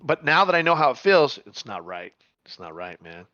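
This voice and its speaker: A middle-aged man telling a story in casual chat, animated, repeating words and swearing freely. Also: medium pitch, moderate pace, dry recording, muffled recording.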